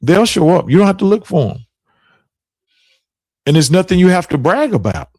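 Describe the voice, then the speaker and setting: A man's voice: high-pitched, sing-song, moderate pace, darkish tone, slightly rough, no room sound. A middle-aged man hosting a podcast, telling stories in a casual chat and laughing often. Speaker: podcast host.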